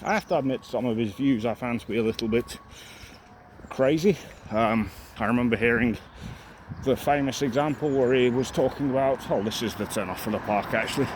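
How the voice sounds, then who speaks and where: A man's voice: mid-range voice, darkish tone. A young man walking outdoors and talking to his camera in a rambling casual vlog, slightly out of breath, with many fillers and restarts. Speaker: vlogger. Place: outdoors on a residential street. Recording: outdoor street noise, passing cars.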